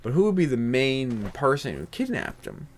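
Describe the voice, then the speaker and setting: A man's voice: medium pitch, very animated, normal speed. Rambling, joking young man. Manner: rambling, filler-heavy, joking. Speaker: host. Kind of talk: casual chat.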